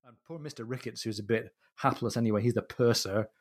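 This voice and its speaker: Talking fast at a medium pitch, a podcast host discusses the humour in a novel conversationally. He's animated and now and then reads lines aloud, putting on accents for the quotes.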